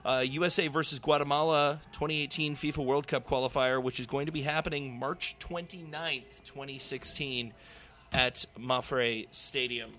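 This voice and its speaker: A man's voice: mid-range voice, normal speed. A man hosting a casual sports podcast, talking loosely with plenty of fillers. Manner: relaxed, many fillers and restarts. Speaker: podcast host.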